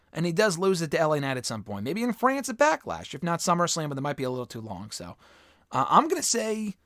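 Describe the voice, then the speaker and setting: A man's voice: on the high side, dry recording, studio quality. Opinionated man hosting a fan mailbag. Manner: opinionated, rambling with restarts and casual swearing. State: losing his voice. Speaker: host answering fan questions. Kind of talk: casual solo mailbag talk.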